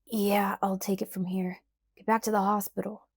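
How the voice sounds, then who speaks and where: A woman reading the lines of a young man in an audiobook, worried and angry, speaking low and urgently. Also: level tone, moderate pace, no room sound, studio quality, lightly acted.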